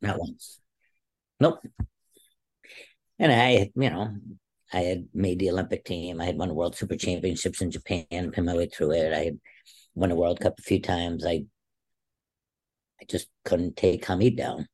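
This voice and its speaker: A man's voice: low voice, steady tone, measured pace, long pauses, a little mellow, breathy edge. A man in his sixties, a former Olympic wrestler, telling stories in an interview with emphatic, rambling speech. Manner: rambling, emphatic, many restarts. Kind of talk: storytelling in a casual interview.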